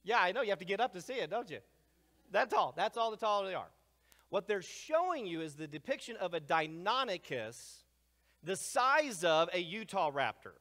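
A man lecturing a live crowd, his voice sitting a little high and full of energy as he swings from loud bursts to near-whispers. The sound hangs in the long reverb of a large hall. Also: normal speed. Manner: energetic, swings between loud asides and hushed remarks. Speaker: speaker presenting to a live audience. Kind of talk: animated lecture.

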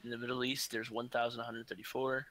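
A man's voice: medium pitch, little pitch movement, fast talker, pushed and bright, poor audio. A young man co-hosting a casual podcast, joking around and reading out figures in a laid-back way. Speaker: podcast co-host. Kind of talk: casual chat.

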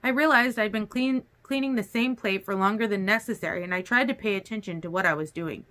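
A woman reading a first-person novel aloud as an audiobook, in an expressive, even-paced way. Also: medium pitch, a little fast. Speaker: audiobook reader.

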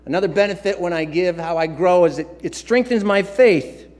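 A man's voice: high voice, normal speed, a little mellow, in a large hall. A man preaching a sermon as pastor, emphatic and repetitive, with casual asides and filler sounds. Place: church sanctuary.

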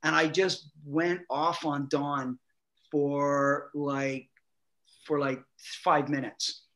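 Lively middle-aged man telling stories. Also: on the high side, drawn-out words. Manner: animated, acts out quotes, laughs often. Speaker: guest actor. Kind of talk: anecdotal storytelling.

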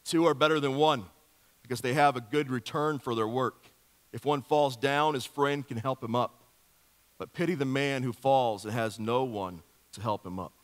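A male pastor delivers a sermon in a mid-pitched voice, animated and playful as he spins a story and keeps asking the congregation questions. His words carry a long church reverb, the sound hanging in a large hall. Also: normal speed. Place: church sanctuary.

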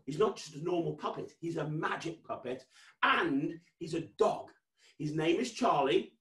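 A British man performing as a children's magician on a virtual party call, hyping kids to shout along and bantering playfully with his puppet. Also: fairly high pitch. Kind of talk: virtual kids' magic show. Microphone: video call. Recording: roomy echo.

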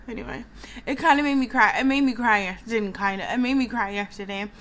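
Young woman, higher-pitched, casual vlog chat, venting and sighing. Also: a little fast, a bit bright, slight background noise. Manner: venting, chatty, heavy use of "like", frequent sighs. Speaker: vlogger.

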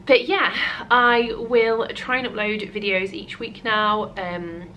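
A woman's voice: mid-range voice, fairly even intonation, takes it slowly, pushed and bright, lo-fi sound, a little hiss or hum. A British woman vlogging at home in casual chat to camera, chatty and rambling, often out of breath. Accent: British English. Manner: chatty and rambling, with many fillers.

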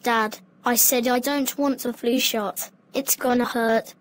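A woman's voice: on the high side, steady tone, a little slow, natural voice. Synthetic woman's voice as a bratty British boy. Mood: whiny. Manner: whiny, rude, stubborn. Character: bratty defiant little boy. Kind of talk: text-to-speech cartoon dialogue.

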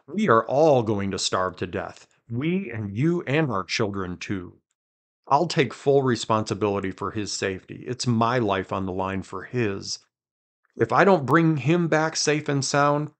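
A man hosting a podcast, reading scripture aloud with quiet dramatic emphasis and chatting between passages. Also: mid-range voice. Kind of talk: conversational Bible reading.

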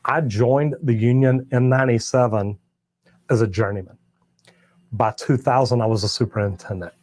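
Encouraging middle-aged Texan plumber, dry sound. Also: male voice, medium pitch, fairly even intonation, normal speed, darkish tone, no room sound. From Texas. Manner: encouraging, conversational, repeats himself. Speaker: host, master plumber. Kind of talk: live stream chat answering viewer comments.

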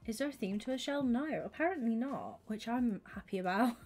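A young woman livestreaming a game, chatting with her viewers and thinking out loud, often slipping into a whisper. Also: on the high side, expressive, brisk, soft background music. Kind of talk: casual gaming stream chat.

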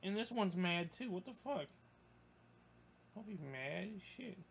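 A young man commentating his gameplay, swearing a lot and breaking into yelps and shouts when things go wrong. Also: sits high, animated, a little slow, creaky, slight background noise. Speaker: gaming YouTuber. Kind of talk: let's play commentary.

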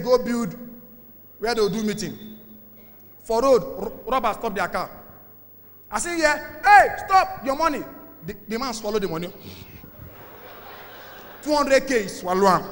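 A Nigerian man doing stand-up comedy in Pidgin, shouting his punchlines. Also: extremely high pitch. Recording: hall reverb with background noise.

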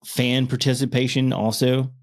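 A man in his thirties chatting casually on a podcast, stumbling and restarting his words when excited, laughing often. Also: medium pitch, moderate pace. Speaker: podcast co-host. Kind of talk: casual chat.

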